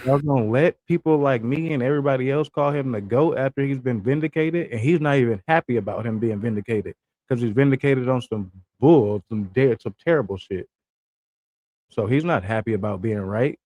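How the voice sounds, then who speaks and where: A man's voice: mid-range voice, a little fast, darkish tone, no room sound. A young American man giving blunt, slangy livestream commentary and asking his viewers questions. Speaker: livestream reaction host.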